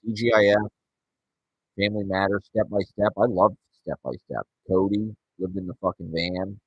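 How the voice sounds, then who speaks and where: A man's voice: deep voice, slightly rough, no echo, poor audio. A man in his forties rambling and ranting sarcastically and profanely as he hosts his show solo. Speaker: podcast host. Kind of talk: solo casual rant.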